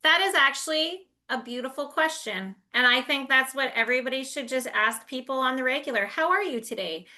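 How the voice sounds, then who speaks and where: A middle-aged woman speaking as a guest in a casual interview, animated and emphatic, with quick bursts. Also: high-pitched.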